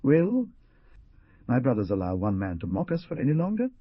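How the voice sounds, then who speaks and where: A man's voice: mid-range voice, wildly swooping pitch, normal speed, husky, no room sound, voice pushed up. A man voicing a fierce male war chief who rallies his warriors in a declamatory way. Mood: rousing. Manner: rousing, declamatory. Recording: dull dry lo-fi.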